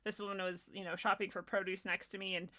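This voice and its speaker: Bright-voiced young woman, chatty. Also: mid-range voice, fast. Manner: laughs often, lively storytelling, acts out voices. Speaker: podcast host. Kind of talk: casual conversation.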